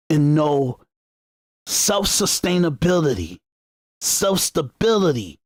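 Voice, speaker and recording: Gravelly-voiced man preaching on a podcast. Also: fairly high pitch, no echo, clean studio sound. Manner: repetitive, restarts phrases, emphatic and preachy. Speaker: podcast host. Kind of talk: unscripted political commentary monologue.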